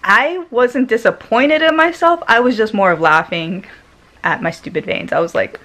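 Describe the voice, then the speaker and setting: A woman vlogger telling a personal story in a casual way, laughing often and swinging between loud and hushed tones. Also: on the high side, moderate pace.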